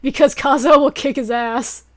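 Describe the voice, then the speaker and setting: A young woman with a notably high voice chats casually on a late-night stream. She rambles from one thought to the next, giggling and gushing with excitable energy as she talks to her viewers. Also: normal speed.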